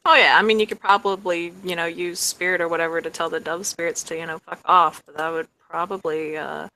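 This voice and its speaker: A woman describes her character's actions in a casual tabletop game, full of hesitant fillers. Her voice is low for a woman, bright and forceful. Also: fairly even intonation, fairly quick, poor audio. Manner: casual, filler-heavy narration. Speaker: tabletop player. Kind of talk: casual tabletop role-play.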